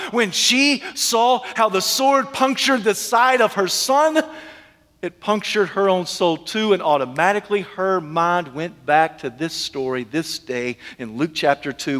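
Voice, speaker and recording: High-voiced animated preacher in an echoing hall. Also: male voice. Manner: animated storyteller, humorous, dramatic. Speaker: pastor. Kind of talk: sermon. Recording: echoey hall.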